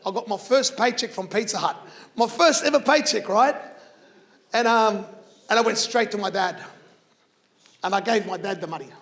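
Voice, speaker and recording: A man's voice: high-pitched, a bit bright. A man, giving an earnest, emphatic motivational talk to students. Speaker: motivational speaker.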